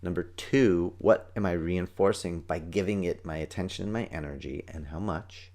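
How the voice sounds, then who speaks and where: Male podcast host, deep voice, quick and excitable, acts out little scenes. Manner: fast, excited, acts out kids' and parents' voices. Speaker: podcast host, parenting coach and martial arts teacher. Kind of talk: energetic solo podcast talk.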